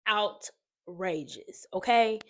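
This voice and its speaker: A woman telling viewers about her wedding in a casual testimony vlog. She talks straight to them in an animated way. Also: medium pitch, extremely slow, a little hiss or hum. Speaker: wedding advice vlogger.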